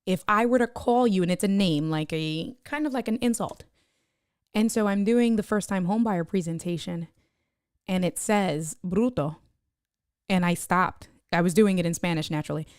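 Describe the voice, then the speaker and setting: A woman chatting on her live stream, telling a lively story, laughing often and reading viewer comments aloud. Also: mid-range voice, moderate pace, no echo, clean studio sound. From United States. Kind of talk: casual live-stream chat.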